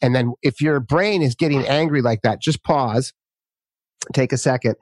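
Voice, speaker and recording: A man hosting a casual conversation, relaxed and chatty, laughing as he tells stories. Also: medium pitch, normal speed, no room sound. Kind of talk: casual chat.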